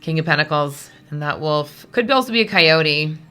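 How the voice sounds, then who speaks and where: Woman tarot reader, low-ish voice with a bright edge; chatty, digressive, emotional, reading casually to viewers. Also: lively intonation, normal speed, soft background music. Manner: chatty, rambling, digressive with many fillers; emotional, easily moved.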